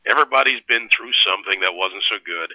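A man's voice: lowish voice, fast talker, gravelly, pushed and bright, dry recording, low-quality recording. A man, a radio and TV host, speaking as a guest in a casual interview, plain-spoken and upbeat.

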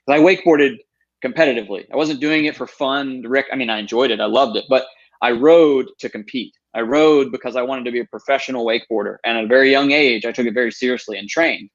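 A man's voice: medium pitch, fast. A man in his thirties, a guest telling his story with earnest emphasis and quoting what he said to himself. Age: 30s. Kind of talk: storytelling interview. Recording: dull lo-fi sound.

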